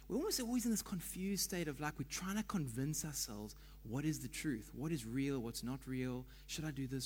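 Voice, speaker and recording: Man, pastor, conversational sermon, fairly high voice, long church-hall reverb. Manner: chatty, quizzes the congregation.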